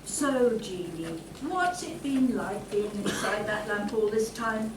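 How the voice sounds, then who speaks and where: A woman's voice: medium pitch, slow pace. A woman acting as an earnest, probing talk-show host in an amateur panto comedy. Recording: echoey room, far from mic, noisy.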